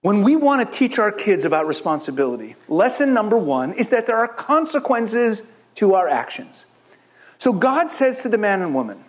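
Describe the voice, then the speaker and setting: A middle-aged man from Israel, a rabbi giving a sermon-style Bible teaching to a church audience, telling the story with lively asides and acting out the characters' lines. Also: high voice, moderate pace. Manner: animated storytelling, acts out the biblical characters in quoted voices.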